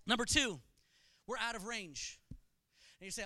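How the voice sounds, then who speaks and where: Pastor, male, high bright voice, smooth and crisp, dry close sound; animated, joking sermon delivery. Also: fairly quick, no echo. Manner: animated storytelling with humor.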